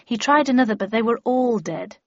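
A woman's voice: fairly high pitch, brisk, no room sound. Wry woman narrating an audiobook. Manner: wry, understated storytelling. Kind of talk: first-person audiobook narration. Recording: dry, slightly muffled lo-fi recording.

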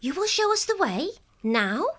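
An actress playing lively young female creatures who tease their friends in a storybook drama. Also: sits high, moderate pace. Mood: teasing. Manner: teasing, lively.

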